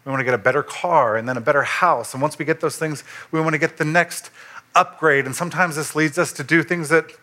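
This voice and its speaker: A pastor delivering a sermon in an easy, conversational way. His voice is bright and forceful, sits a little high for a man, and lifts sharply when he drives a point home. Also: fast talker. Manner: conversational preaching, animated rises for emphasis.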